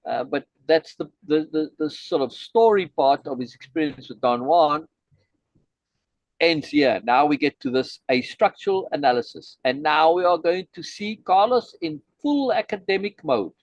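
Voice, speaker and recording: A man's voice: a little high, animated, normal speed, no echo. Emphatic male teacher, dull dry recording. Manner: emphatic, repeats key points, frequent "right?" tags. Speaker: teacher leading a study session. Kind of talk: teaching talk, explaining a text.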